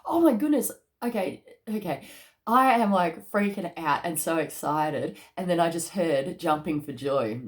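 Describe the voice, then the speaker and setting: Excitable, chatty woman reading cards. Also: low voice, a little slow. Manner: chatty and excitable, with casual slang; bursts into laughter and excitement. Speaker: tarot card reader. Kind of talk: casual spoken card reading.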